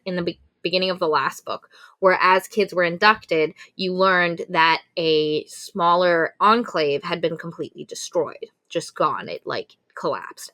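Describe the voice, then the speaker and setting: A woman's voice: on the low side, sharp tone, no room sound. A woman co-hosting a casual book review podcast, gushing and swearing freely as she recaps the story. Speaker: podcast co-host.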